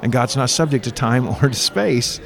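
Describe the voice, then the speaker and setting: A man's voice: mid-range voice, normal speed, vocal fry. A man, a minister being interviewed, telling a story with fervent, preacher-like conviction. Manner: lively storyteller who acts out the quoted dialogue. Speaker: guest minister and author.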